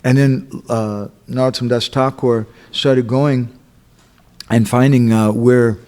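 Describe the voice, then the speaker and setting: Male temple speaker, storytelling sermon, mid-range voice. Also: medium pitch. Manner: acts out quotes, checks in with listeners.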